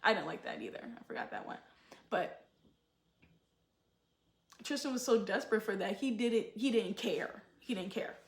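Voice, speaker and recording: A woman giving opinionated casual commentary and acting out quotes with animated emphasis. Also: mid-range voice, moderate pace, long pauses, echoey room. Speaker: show commentator.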